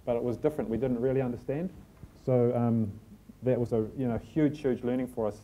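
A middle-aged man with a New Zealand accent talks to a packed room. He tells his stories in a loose, self-deprecating way, and his voice sits at a middling pitch with a mellow, warm colour. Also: a little fast. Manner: relaxed storytelling, self-deprecating humour. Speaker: team manager giving a talk. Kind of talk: live talk to an audience.

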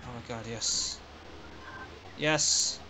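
Slow, swearing young man playing a game. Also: mid-range voice. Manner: frustrated, swearing, muttering to himself. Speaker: let's play host. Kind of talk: casual gameplay commentary.

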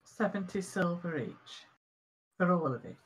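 A woman's voice: on the low side, animated, unhurried. A woman playing a tabletop game, casual and a little unsure. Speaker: player.

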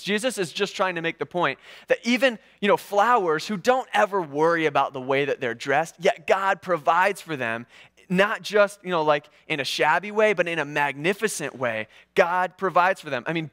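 A man preaching a sermon in a casual, conversational way, with animated, sarcastic asides. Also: a little high, clear, resonant tone. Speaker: pastor. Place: church.

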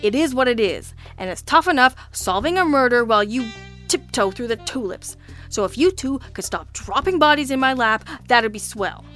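A woman voicing a loud, sarcastic male police lieutenant who barks and bellows in exasperation. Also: medium pitch, lively intonation, fairly quick, soft background music, natural voice. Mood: testy, grumbling. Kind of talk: audiobook character reading.

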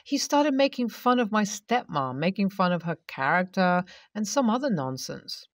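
Female narrator, first-person story read aloud, steady delivery, dry sound, slightly off-mic. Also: mid-range voice, normal speed, dry recording, recorded from a distance.

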